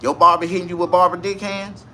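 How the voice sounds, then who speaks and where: A vlogger in his 40s rants to camera for comic effect, loud and crude, full of animated street slang. His voice is high and quick, with slight background noise.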